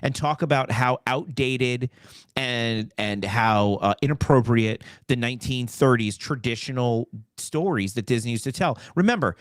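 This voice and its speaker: A man hosting a political talk show, ranting with halting restarts. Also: mid-range voice, no echo. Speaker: host. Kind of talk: opinionated political chat show.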